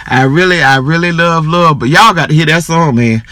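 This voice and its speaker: A man's voice: fairly high pitch, normal speed, bright, forceful tone, no echo. A man hosting his own podcast, chatting casually and animatedly, breaking into hard laughter. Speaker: podcast host. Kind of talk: casual chat.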